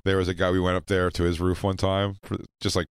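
A man with a very low voice co-hosts a comedy talk show, spinning loose, rambling stories full of jokes. The sound is dry and close, like a studio microphone. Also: level tone, quick pace, clear, resonant tone, dry recording. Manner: rambling, joking storyteller. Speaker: podcast co-host. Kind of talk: casual comedy chat. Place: radio studio.

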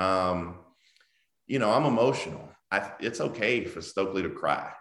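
A very deep-voiced man speaks as a guest on a video call. He talks in an animated, emphatic way and laughs often. His voice rings around a noticeably echoey room. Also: normal speed. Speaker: guest author. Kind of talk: casual interview over video call.

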